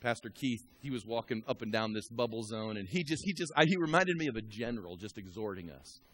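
A man preaching a storytelling sermon who swings from a hushed murmur to shouting and exhorts the congregation directly. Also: on the low side, lively intonation, fairly quick, breathy edge.

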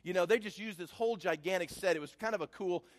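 A man's voice: high-pitched, quick pace, long reverb tail. A man telling a personal story in a sermon as a preacher, building to emphatic preaching.

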